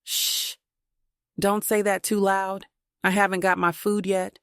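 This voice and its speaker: A woman voicing a relaxed young man who jokes easily with his grandmother. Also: mid-range voice, moderate pace, clean tone, no room sound, clean studio sound, natural voice. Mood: easygoing.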